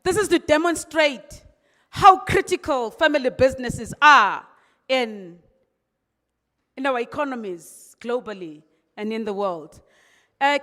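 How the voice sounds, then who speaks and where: A woman's voice: high voice, fairly bright tone. A woman with an English accent gives an off-the-cuff speech at an event, full of rhetorical questions and emphatic repetition. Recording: long reverb of an event hall.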